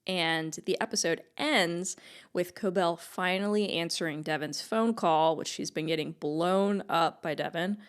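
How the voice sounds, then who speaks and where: A woman co-hosting a casual podcast, her voice sitting a little low. She walks through the plot in an upbeat way and laughs often. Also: unhurried, smooth. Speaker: podcast co-host.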